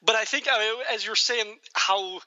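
A man talks through a movie with a co-host in a lively, casual way, laughing and slipping into quotes. His voice is bright and sharp, a little higher than most men's. The recording is dry and a bit dull. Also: moderate pace, no echo. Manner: animated, laughs often, acts out quotes. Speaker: podcast co-host. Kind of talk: casual film discussion.

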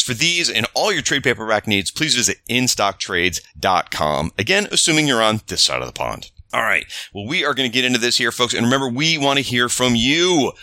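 A man's voice: fairly low pitch, pushed and bright, dry recording, clean studio sound. A man from the American South hosting a casual podcast chat, enthusiastic and jokey. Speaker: podcast host.

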